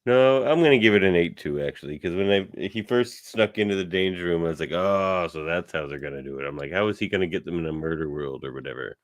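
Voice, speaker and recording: Deep voiced podcast dude, dry mic, laid back, chill chat. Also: male voice, fast talker, few pauses, no room sound. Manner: laid-back, short reactions and offhand remarks. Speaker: podcast co-host. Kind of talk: casual chat.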